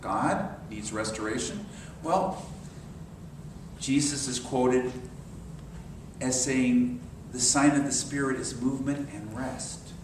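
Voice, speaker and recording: Guy in his 60s preaching, goes soft and meditative, big echoey hall. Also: medium pitch, takes it slowly, long pauses, background noise. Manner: storytelling, dropping to soft meditative tones. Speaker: minister. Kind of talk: sermon. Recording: very echoey hall, mic far off.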